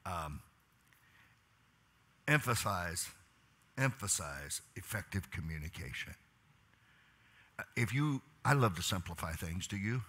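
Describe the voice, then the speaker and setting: Bright, husky-voiced man preaching. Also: low voice, animated, unhurried, pauses often. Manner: preachy, asks the crowd questions, swings from soft asides to loud urging. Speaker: pastor teaching leaders. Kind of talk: leadership talk to a church audience.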